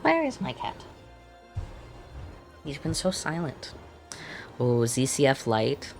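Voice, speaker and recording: Brief: casual playful streamer, mid-pitched, faint music underneath. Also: huge pitch swings, slow, gravelly. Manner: playful, reads game dialogue aloud. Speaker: streamer playing a game. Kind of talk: casual let's-play commentary.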